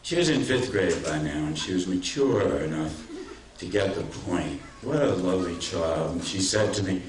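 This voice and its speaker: A man's voice: sits low, animated, normal speed, slight background noise. Older man lecturing in a roomy hall. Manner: storytelling, warm anecdotal delivery with self-deprecating humor. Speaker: author giving a talk. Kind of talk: public lecture with anecdotes. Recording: roomy hall, mic at a distance.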